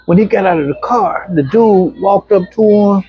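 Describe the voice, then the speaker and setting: Middle-aged man with a husky, fairly high voice, an animated storyteller who acts out quotes; dull lo-fi recording. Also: moderate pace. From Arkansas, USA. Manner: animated, acts out the voices of people in his stories. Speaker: interview guest. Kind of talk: personal storytelling in a casual interview. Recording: dull, muffled lo-fi sound.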